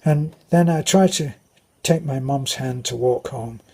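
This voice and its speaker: An older man with a British accent tells anecdotes in a rambling, casual way. His voice is very husky and breathy. His pitch sits in the middle range. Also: a little slow, mellow. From Britain. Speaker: vlogger. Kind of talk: casual storytelling.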